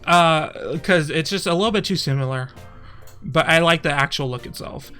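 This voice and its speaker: A man's voice: a little high, normal speed, pushed and bright, clean tone, faint music behind. A young man from Texas chatting casually on his stream, often laughing and trailing off mid-thought.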